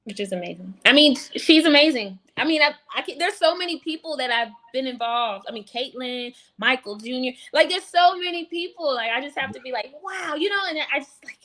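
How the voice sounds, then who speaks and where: Bright gushing woman on a video call, super animated and effusive. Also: high voice, a little fast, few pauses. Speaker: guest. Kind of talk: casual chat on a video call.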